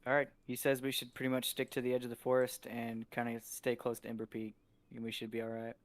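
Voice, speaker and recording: A man chatting casually as a player in a tabletop game, with hesitant restarts. His pitch stays flat and even throughout. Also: fast talker. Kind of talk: casual tabletop role-play.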